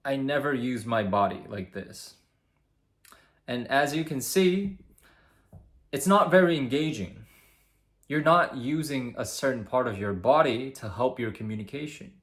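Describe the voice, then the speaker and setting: A young man speaking straight to camera as a communication coach, with lively, demonstrative explaining. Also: medium pitch. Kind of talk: instructional talk to camera.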